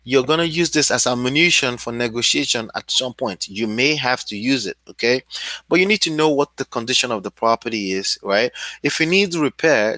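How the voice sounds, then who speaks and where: A man in the middle of his register gives a relaxed, conversational lesson and keeps tagging his points with quick check-ins. The sound is close and dry, with no room around it. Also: mid-range voice, no room sound. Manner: loose and conversational, often checks in with "right?" and "okay?". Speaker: real estate wholesaling coach. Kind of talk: casual instructional talk.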